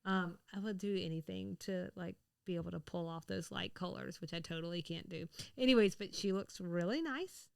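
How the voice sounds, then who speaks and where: A woman co-hosting a podcast in casual chat, chatty and quick to laugh. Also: lowish voice, creaky, clear, resonant tone. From the American South. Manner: chatty, laughs often, rambling restarts. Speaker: podcast co-host.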